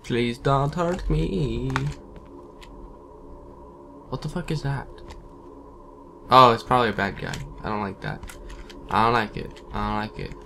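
A man's voice: lowish voice, moderate pace, creaky, pauses often, pushed and bright. A man giving casual horror gameplay commentary, jumpy and swearing, taunting enemies as he plays. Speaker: let's play gamer. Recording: keyboard typing noise behind.

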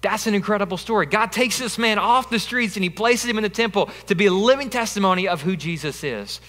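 A fairly high-voiced man preaching in a church hall, his tone bright and forceful. He repeats his phrases and builds to loud peaks before falling quiet. A long echo trails every line from the big room. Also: lively intonation, brisk. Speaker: pastor. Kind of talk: sermon. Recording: long reverb of a large hall.

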